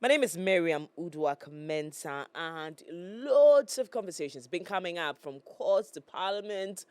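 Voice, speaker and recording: A woman's voice: low voice, a little mellow, dry recording. Woman, live studio host with a cold: nasal and stuffy, chatty, filler-heavy delivery, dry close studio sound. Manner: chatty, hesitant with many fillers. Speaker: morning show host. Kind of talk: live studio talk show hosting. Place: broadcast studio. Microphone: studio microphone.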